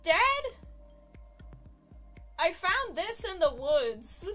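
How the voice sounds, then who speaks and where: A woman voicing a small, innocent boy who speaks in a high, hesitant, wide-eyed way. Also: very animated, very slow, sharp tone, faint music behind, full character voice. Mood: earnest.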